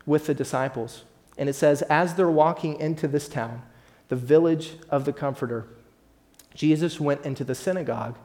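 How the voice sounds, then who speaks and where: Male pastor, mid-pitched voice, sermon delivery, builds emphasis, speaks straight to the congregation. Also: mellow. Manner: preaching with rising emphasis, addresses congregation directly.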